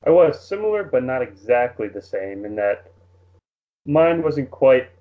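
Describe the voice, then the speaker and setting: A man's voice: medium pitch, sing-song, a little slow. A man who is a guest on a casual podcast, joking in a dry, wordy, self-mocking way. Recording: tinny phone-like remote line.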